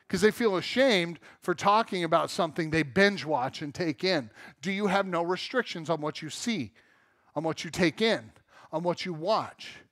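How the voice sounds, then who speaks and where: Pastor type, middle-aged man from Southern California, high voice, dry close sound, candid and self-mocking, slips into voices he quotes. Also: fairly bright tone, no echo. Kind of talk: sermon. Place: church sanctuary.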